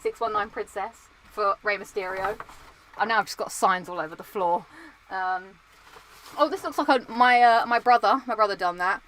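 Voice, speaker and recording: A young woman from Britain chatting casually and excitably, looking through old belongings and coughing now and then from dust. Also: mid-range voice, normal speed, a little hiss or hum, poor audio. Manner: chatty, excitable, sings entrance themes. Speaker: vlogger. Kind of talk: casual chat.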